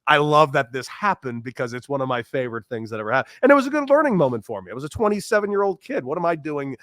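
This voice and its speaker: A man in his thirties, a former ball player, telling stories in a casual interview, animated and laughing. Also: on the high side, very fast, dry recording, clean studio sound. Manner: animated storyteller, acts out quoted voices, laughs often.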